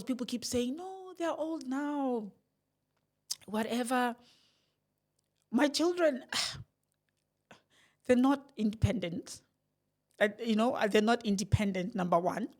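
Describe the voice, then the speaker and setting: A middle-aged woman with a South African accent, talking candidly to camera in a reflective, rambling personal vlog, with sighs and soft laughs. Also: a little high, lively intonation, unhurried, long pauses. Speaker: vlogger.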